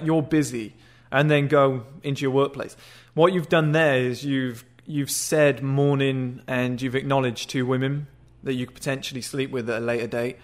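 Man, dating-advice host, blunt and crude, casual talk, mid-pitched voice. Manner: blunt, crude, conversational, acts out short greetings.

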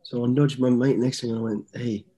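He's a man in his fifties guesting on a casual storytelling interview, fast-talking with a warm, medium-pitched voice that barely moves in pitch. His stories wander easily, full of restarts.

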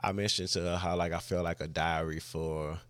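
A man's voice: low-pitched, level tone, moderate pace, fairly bright tone, dry recording. A man hosting a podcast, telling a personal story in a casual, rambling way with lots of "like" and restarts. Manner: rambling, heavy use of "like", frequent restarts. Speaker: podcast host.

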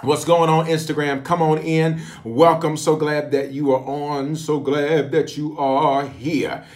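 Pastor, man, livestream prayer host, lively call-and-response delivery. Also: on the high side, unhurried. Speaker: pastor leading online prayer.

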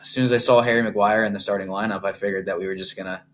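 A man's voice: on the low side, very fast. An American man co-hosting a casual sports podcast, telling stories candidly and peppering them with "like". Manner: candid, animated storytelling with swearing and "like". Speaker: podcast co-host.

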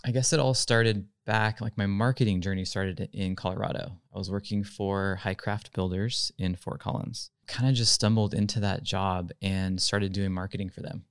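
A man, a podcast guest, telling his career story in a relaxed, casual way with lots of "like" fillers. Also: low voice, normal speed, few pauses, clear, resonant tone, dry recording, studio quality. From California. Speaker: podcast guest, real estate marketing director.

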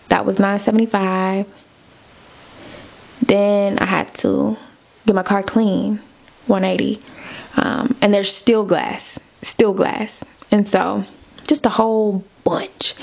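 A woman's voice: mid-range voice, creaky, lo-fi sound. A young adult woman hosting a podcast, telling a personal story in a candid, chatty way with lots of fillers and asides to her listeners. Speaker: podcast host.

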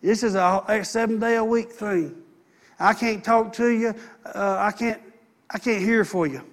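A man's voice: sits high, steady tone, a little slow. A man preaching a sermon as pastor, earnest and repeating phrases for emphasis.

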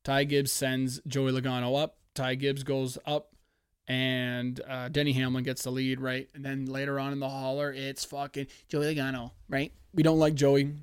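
A man from Canada hosting a podcast, chatting casually in a profane, excitable, rambling way on a headphone-wearing podcast setup. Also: mid-range voice, normal speed, clear, resonant tone, no echo, clean studio sound. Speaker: podcast host. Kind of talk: casual chat. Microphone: headphones, podcast mic.

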